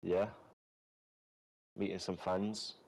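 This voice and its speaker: Deep-voiced man trash-talking friends. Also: level tone, drawn-out words, vocal fry, low-quality recording. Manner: loud, crude, teasing slang-heavy trash talk. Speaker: streamer. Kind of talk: casual banter with friends on voice chat.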